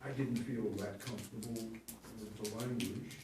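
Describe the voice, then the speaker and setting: In an interview recorded with a distant mic in an echoey room, a man in his seventies tells rambling anecdotes, chuckling and correcting himself along the way. He's a stage actor and acting teacher with a lowish voice and a steady tone, speaking at normal speed over a noisy background.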